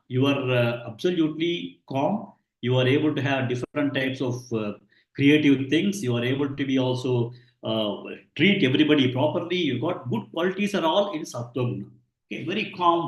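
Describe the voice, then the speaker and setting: Man, scripture teacher; slightly high voice, patient and halting delivery, roomy echo. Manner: patient, repeats himself, frequent "uh" pauses. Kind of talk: explanatory lecture.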